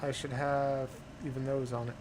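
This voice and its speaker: A man's voice: medium pitch, little pitch movement, moderate pace, noisy background. A man giving casual gameplay commentary, easygoing and muttering to himself with plenty of fillers. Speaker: gaming channel host.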